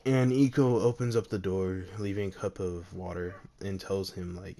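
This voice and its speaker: A man's voice: deep voice, steady tone, moderate pace, gravelly, few pauses, mellow. A young man casually retelling a fan-fiction story, rambling and full of fillers. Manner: rambling, full of "like" and "you know".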